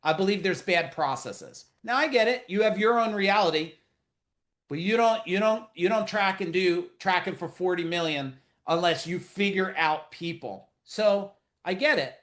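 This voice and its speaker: A man's voice: sits high, moderate pace. A middle-aged man hosting a live business webinar over a video call, talking casually, bluntly and profanely with lots of jokes. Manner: blunt, profane, animated and joking.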